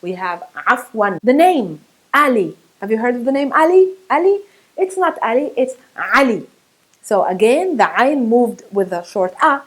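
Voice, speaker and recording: A woman's voice: fairly high pitch, very animated, normal speed, rough recording. A woman whose first language is Arabic gives an online pronunciation lesson, demonstrating throaty sounds and laughing at herself. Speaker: Arabic teacher.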